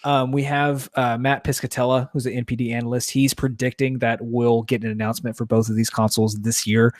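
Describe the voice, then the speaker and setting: A man's voice: mid-range voice, flat delivery, brisk, dry recording, studio quality. A man co-hosting a casual gaming podcast, chatty and easygoing, with lots of fillers. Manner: chatty, laughs easily, filler-heavy. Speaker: podcast co-host.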